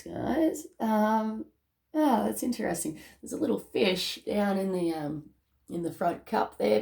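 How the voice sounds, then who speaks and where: An Australian woman giving a casual tarot reading, chatty and excitable, laughing often between thoughts. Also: fairly low pitch, creaky. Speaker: tarot reader.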